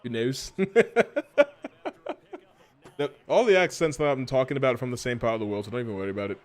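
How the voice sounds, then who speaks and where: A man's voice: mid-range voice, fast talker. A man casually chatting and joking while playing a football video game on stream. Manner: rambling, jokey, swings to excited yelps at plays. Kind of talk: casual gameplay commentary.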